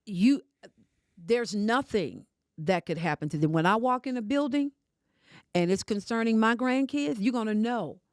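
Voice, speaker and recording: An older woman, a podcast guest telling her family story with forceful emphasis. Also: fairly high pitch, lively intonation, moderate pace, no echo, clean studio sound. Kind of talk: emotional casual conversation.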